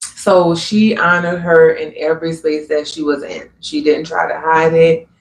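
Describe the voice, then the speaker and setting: A man's voice: a little high, little pitch movement, unhurried. A man hosting a livestream, talking earnestly and conversationally about spiritual growth, often adding "you know what I'm saying". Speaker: livestream host. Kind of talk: reflective spiritual talk. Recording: echoey room with faint ambience.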